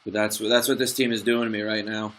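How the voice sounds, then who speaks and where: A young man commentating his own football management game, swinging from excited play-by-play to frustrated asides. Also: on the low side, brisk.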